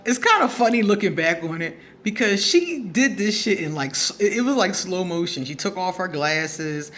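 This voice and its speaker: An advice vlogger answering a subscriber, a woman tells a story in a casual monologue, blunt and profane, laughing often along the way. Her voice is on the low side with a fairly bright tone.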